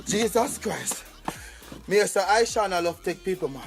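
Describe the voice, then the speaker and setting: A man's voice: high voice, animated, unhurried, creaky, over music. A man with a Jamaican accent in a comedic rant, scolding and playful, sometimes chanting.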